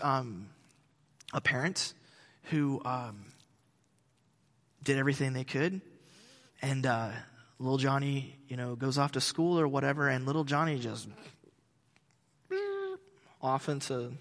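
A pastor preaching a sermon in a conversational way, with joking asides. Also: male voice, mid-range voice, a bit bright, big-room sound.

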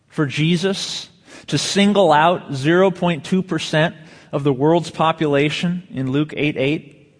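Man preaching in an echoing hall. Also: fairly high pitch. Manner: measured preaching with slow emphatic phrases and rhetorical questions. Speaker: pastor. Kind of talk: sermon.

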